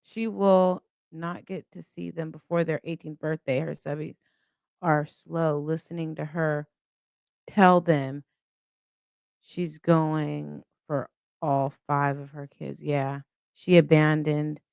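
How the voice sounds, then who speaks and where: A woman's voice: on the low side, clean tone, no room sound, clean studio sound. A woman hosting a casual live stream, chatting and reading viewer comments aloud.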